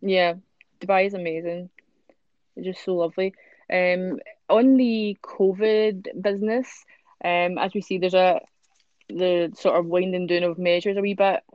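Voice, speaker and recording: A woman's voice: fairly low pitch, steady tone, unhurried, dry recording, highs cut off. A woman hosting a podcast, chatting casually with many fillers and reading out newspaper stories. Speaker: podcast host.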